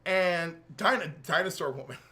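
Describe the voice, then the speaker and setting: High, animated man recapping a comic. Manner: animated, acts out characters' lines in quick voices. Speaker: podcast co-host. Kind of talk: casual comic book recap.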